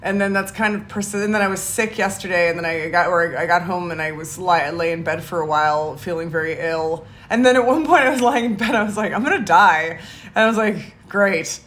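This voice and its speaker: A woman's voice: lowish voice, quick pace, few pauses, fairly bright tone. Rambling woman on a casual podcast. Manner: rambling, restarts, laughs often. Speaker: podcast co-host. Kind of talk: casual chat.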